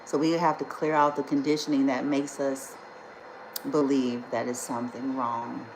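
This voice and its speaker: A woman's voice: rumbling low, little pitch movement, moderate pace, roomy sound, noisy background. A woman speaking as a spiritual healer in a casual vlog, blunt, indignant and emphatic, and she swears freely.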